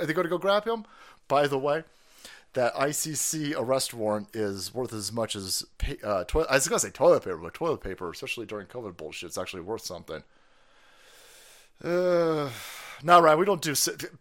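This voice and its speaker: Loud, lively, profane male ranter. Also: a little high. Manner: loud, profane, mocking, laughs often. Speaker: streamer host. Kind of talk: profane political rant.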